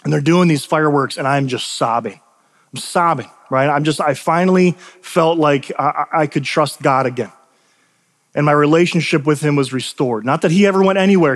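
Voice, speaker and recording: A male pastor preaching a sermon, telling personal stories earnestly and repeating lines for emphasis. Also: on the high side.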